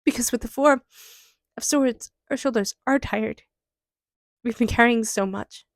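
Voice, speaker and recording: A woman's voice: on the high side, a little slow, no room sound, studio quality. A woman giving an intuitive tarot reading in an emotional, earnest and encouraging way. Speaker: tarot reader.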